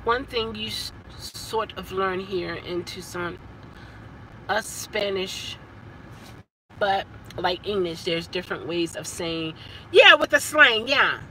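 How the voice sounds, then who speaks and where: A woman, chatting casually as a vlogger in a car, animated and stumbling over her words. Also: mid-range voice, takes it slowly, a little hiss or hum, rough recording. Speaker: vlogger and rideshare driver. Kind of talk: casual chat.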